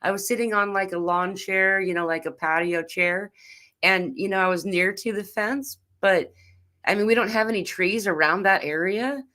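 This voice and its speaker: A woman's voice: mid-range voice, moderate pace, bright, forceful tone. A woman hosting a casual chat, telling anecdotes in a friendly, agreeable way and laughing often. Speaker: host.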